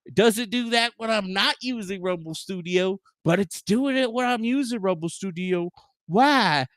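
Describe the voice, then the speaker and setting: A man streaming from his home setup, ranting casually and profanely, swearing at his own software. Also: sits high, moderate pace, dry recording, clean studio sound. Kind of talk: casual livestream rant. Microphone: desk microphone with noise gate.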